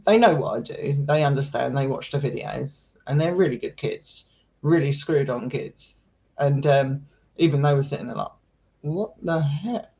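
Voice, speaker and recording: A man's voice: medium pitch, normal speed, gravelly, darkish tone, muffled recording. A man chatting casually with his live stream viewers, affectionate and talkative, calling people darling and sweetheart. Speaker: live streamer and paranormal explorer.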